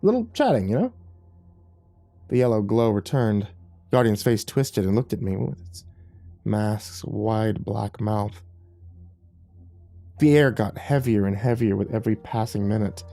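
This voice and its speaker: A man narrating a first-person horror story in a measured, tense way. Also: on the low side, steady tone, gravelly, mellow, no echo.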